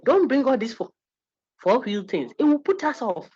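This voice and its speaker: A woman giving a university lecture, animated and teasing, acting out little quotes as she goes. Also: on the high side, moderate pace. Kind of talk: lively classroom lecture. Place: lecture hall. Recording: husky, dull lo-fi lecture recording.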